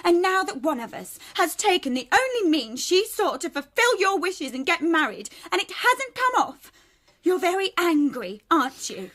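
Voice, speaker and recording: Defiant, high-voiced young daughter. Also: female voice, big pitch swings, normal speed, fairly bright tone, exaggerated voice. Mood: accusing. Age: young adult. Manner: sarcastic, defiant, tearful. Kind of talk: radio drama acting.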